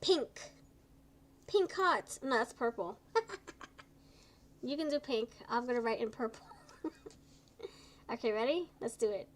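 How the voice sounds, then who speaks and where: A woman's voice: on the high side, expressive, measured pace, long pauses, low-quality recording. Tired, chatty woman reading tarot live. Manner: chatty and encouraging, stumbles over words. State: tired, low energy. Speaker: tarot reader.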